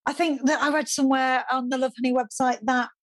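A chatty woman in her thirties from the UK, a guest on a podcast, laughing easily as she talks. Her voice sits a little high, and the sound is close and dry, with no room echo. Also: fairly even intonation, quick pace. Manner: chatty, laughs often, upbeat. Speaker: podcast guest, sex and relationship expert. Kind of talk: casual podcast chat.

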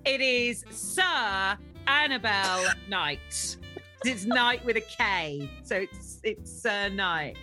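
Jokey, lively woman co-hosting with a bright voice. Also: mid-range voice, slow, soft background music. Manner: jokey and teasing, loud bursts of laughter. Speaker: podcast co-host. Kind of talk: casual podcast chat.

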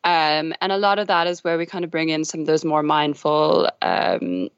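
A woman guest in an interview, explaining things in a measured way with many fillers, on a dry, slightly dull recording. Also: sits low, clear, resonant tone, dry recording. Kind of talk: interview answers.

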